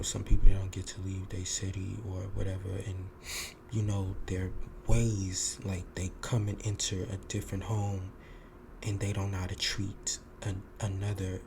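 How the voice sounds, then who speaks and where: Deep-voiced man telling a story, noisy. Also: vocal fry. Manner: animated, acts out quoted lines, swears. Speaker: podcast host. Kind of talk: casual storytelling monologue.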